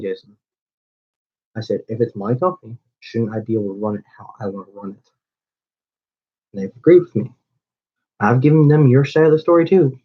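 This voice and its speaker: Male, mid pitch, channel owner, confrontational and rambling, muffled lo-fi sound. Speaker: owner of a small wrestling channel. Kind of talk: call-out video rant. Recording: dull lo-fi recording.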